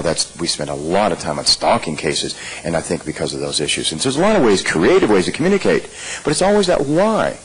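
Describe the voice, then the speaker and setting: Husky low-voiced man leading a training. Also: low-quality recording. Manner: conversational, asks the room many rhetorical questions. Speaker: workshop trainer. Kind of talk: leadership training lecture. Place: live training session room.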